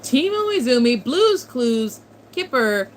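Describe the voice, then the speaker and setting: A woman's voice: on the high side, very animated, slow, rough recording. A woman in her twenties chatting casually on a livestream, answering chat and swearing freely as she reminisces. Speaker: streamer reading chat.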